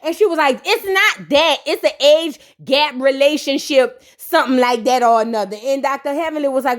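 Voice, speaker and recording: Speaking a little fast and hardly pausing, a high-voiced woman reacts to a reality show as its recap host. Her commentary is casual, sassy and profane, and she brings the story to life by voicing the cast's quotes.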